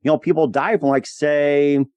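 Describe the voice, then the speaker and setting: A man's voice: fairly high pitch, fairly even intonation, normal speed, a little mellow, smooth, dry recording. A man hosting an interview, asking long rambling questions full of fillers. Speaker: podcast host.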